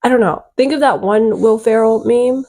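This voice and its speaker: A woman vlogger telling a rambling, excitable storytime, full of fillers and little giggles. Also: fairly high pitch, moderate pace. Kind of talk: casual storytime chat.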